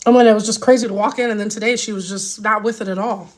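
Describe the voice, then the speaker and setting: A woman's voice: medium pitch, steady tone, fast talker. A woman and mother chatting casually with viewers, worried and rambling with many restarts, upset and near tears. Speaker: vlogger. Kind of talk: casual live chat with viewers.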